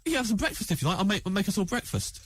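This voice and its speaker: A man voicing a chatty, hospitable middle-aged mum in a funny anecdote, with a high voice eager to please. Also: expressive, rapid-fire, slight background noise, close to an everyday voice.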